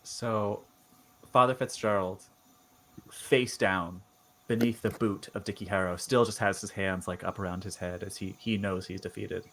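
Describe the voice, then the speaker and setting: A man's voice: deep voice, steady tone, moderate pace, a bit bright, a little hiss or hum. Casual, rambling game master man. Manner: casual, filler-heavy narration. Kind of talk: narrating a tabletop game.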